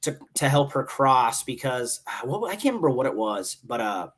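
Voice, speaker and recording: A man in his thirties, a Marine staff sergeant guest on a podcast, telling stories in casual chat, animated and casually swearing. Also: medium pitch, moderate pace, slightly rough.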